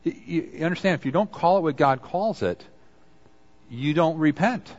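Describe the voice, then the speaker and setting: A man's voice: fairly high pitch, lively intonation, moderate pace, lo-fi sound. A man preaching a conversational sermon, acting out quoted apologies as he goes. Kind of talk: sermon on confession.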